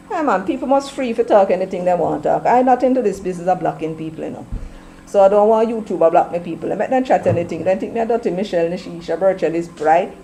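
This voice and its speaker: A woman's voice: fairly low pitch, fast, dark tone, slight background noise, low-quality recording. A woman with a Jamaican accent hosting an opinionated commentary stream, emphatic and mixing patois into her English. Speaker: commentary show host.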